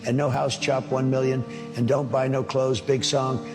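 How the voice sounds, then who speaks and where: A synthetic older male politician's voice cloned from a man drawls through a string of shout-outs at an unhurried pace. It has an even, middle-pitched male tone. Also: music in the background. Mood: hyping.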